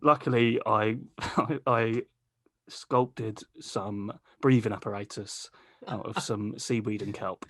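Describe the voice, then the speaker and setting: A man's voice: on the low side, fairly even intonation, slow pace, no room sound, clean studio sound. A man hosting a podcast, telling a long rambling story in casual chat, swearing freely and laughing mid-sentence. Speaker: podcast host.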